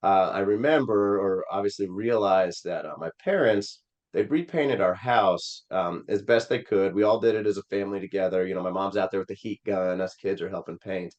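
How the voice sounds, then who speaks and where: Deep-voiced man telling an earnest story. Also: moderate pace, darkish tone, muffled recording. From Missouri. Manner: rambling, earnest storytelling with many fillers. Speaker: Senate candidate, podcast guest. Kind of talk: personal storytelling in an interview.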